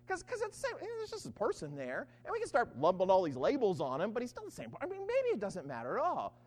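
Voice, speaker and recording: A Bible teacher giving an animated study talk, often checking in with listeners and acting out the quoted lines. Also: medium pitch, a little fast, long reverb tail.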